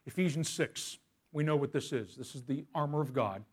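A man preaching a sermon as pastor. He asks the congregation questions, slows down on key phrases and swings from loud emphasis to hushed whispers. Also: fairly high pitch, slightly rough.

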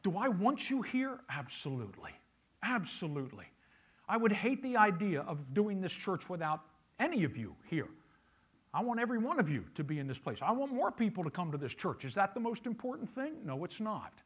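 Husky high-voiced male pastor preaching. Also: sing-song, brisk. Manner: emphatic, repeats key phrases, asks the congregation questions. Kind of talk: sermon.

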